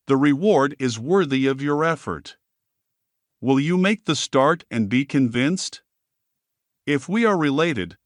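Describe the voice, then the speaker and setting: A man narrating a self-help audiobook in a steady, measured reading voice. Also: fairly high pitch, no echo, clean studio sound.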